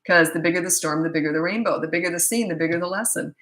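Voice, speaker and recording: A middle-aged woman coaching parents in a live question-and-answer chat, blunt and matter-of-fact, with quick asides. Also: lowish voice, fairly even intonation, sharp tone, roomy sound, poor audio.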